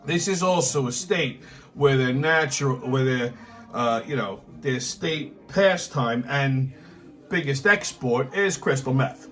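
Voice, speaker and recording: A man's voice: mid-range voice, takes it slowly, a bit bright. Profane ranting male show host. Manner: angry, emphatic, repeats himself, swears constantly. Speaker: political commentary host.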